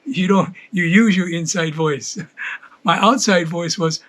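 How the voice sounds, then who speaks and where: An older man performs stand-up in a fairly high voice. He rambles easily, restarting his phrases as he goes. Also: unhurried, fairly bright tone. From Hawaii. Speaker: comedian. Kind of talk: stand-up routine.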